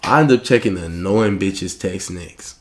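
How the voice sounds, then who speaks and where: Young man, low-pitched, casual storytime, profane slang, animated delivery. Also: normal speed.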